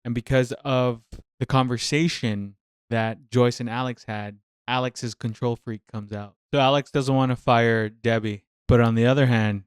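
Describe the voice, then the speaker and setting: Smooth-voiced man venting about nursing. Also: medium pitch, fairly even intonation, normal speed, no room sound, studio quality. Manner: passionate, venting, thinks aloud with repeated phrases. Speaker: nurse reacting to a TV show. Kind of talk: casual reaction commentary.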